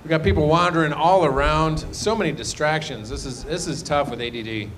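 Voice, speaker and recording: Rambling stand-up comic doing crowd work. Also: male voice, a little fast, a bit bright. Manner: rambling, self-deprecating banter, trailing off low. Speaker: stand-up comedian. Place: live comedy show.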